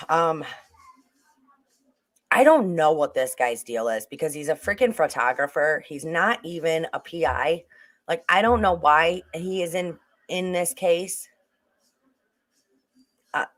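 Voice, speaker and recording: A livestream host rambles through a true-crime case, frequently starting sentences over and breaking off to address the chat. The voice sits at a middle pitch and sounds a bit bright.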